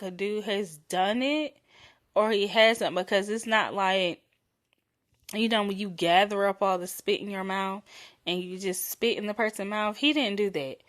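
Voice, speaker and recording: A young adult woman hosting her own podcast, talking frankly and playfully in a solo chat, drawing out and softening her voice on intimate words. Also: medium pitch. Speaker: podcast host.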